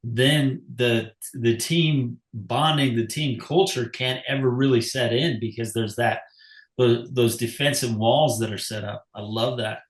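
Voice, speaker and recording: A man's voice: medium pitch, a little slow. Podcast host man in an echoey room. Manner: reflective, affirming, tells his own coaching stories. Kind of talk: casual interview talk.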